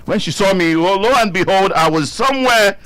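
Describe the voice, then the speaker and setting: A man with a Nigerian accent, co-hosting a radio chat and telling an animated story, laughing often and acting out voices. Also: sits high, fairly quick, no echo. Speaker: radio co-host.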